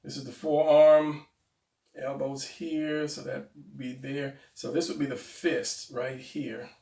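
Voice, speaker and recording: A man talking viewers through a drawing tutorial in a casual, rambling way, correcting himself out loud as he sketches. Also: medium pitch, little pitch movement, slow pace, vocal fry, far from the mic. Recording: roomy, off-mic sound.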